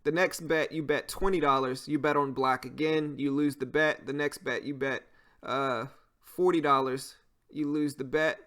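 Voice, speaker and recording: Cajun man, fairly high voice. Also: steady tone, moderate pace, a bit bright, clean tone. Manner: explains while answering chat, loose fillers. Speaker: trading streamer. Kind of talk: casual live-stream chat.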